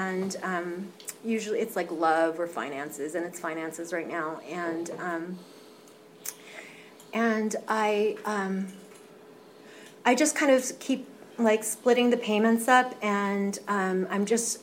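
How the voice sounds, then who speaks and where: A young woman in recovery, candidly sharing her story at a meeting, animated, with many fillers and some swearing. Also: mid-range voice, slight background noise. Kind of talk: casual personal sharing.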